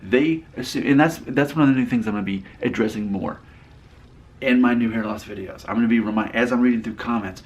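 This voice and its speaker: A man's voice: medium pitch, brisk. A man in his late thirties talking casually to his viewers, reading out their comments and answering them with dry rebuttals. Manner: talkative, repeats and restarts phrases. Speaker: YouTube creator.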